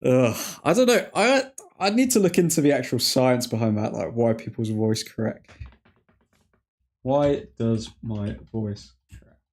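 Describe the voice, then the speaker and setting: A man's voice: medium pitch, animated, unhurried, darkish tone. Chatty man hosting a stream. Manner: chatty, rambling, laughs often, reads chat aloud. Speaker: streamer host. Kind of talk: casual live watchalong commentary.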